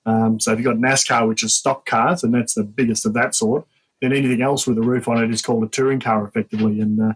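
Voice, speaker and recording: Fast-talking Australian man, husky voice. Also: medium pitch, level tone, poor audio. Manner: chatty, explains at length. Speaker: guest. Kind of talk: casual interview chat.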